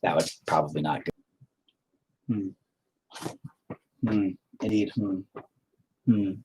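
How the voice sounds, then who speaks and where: A man's voice: low voice, slow, warm tone, a little hiss or hum. A man chatting casually while he paints, rambling, swearing often and talking to himself. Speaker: painting streamer.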